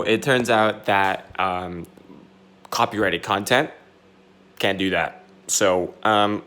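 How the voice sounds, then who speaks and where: A young man hosting a casual solo podcast from home, rambling and energetic and laughing often. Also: fairly low pitch, drawn-out words. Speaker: podcast host.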